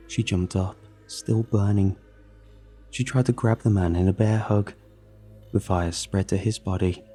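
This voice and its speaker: Deep-voiced man narrating horror. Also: mellow.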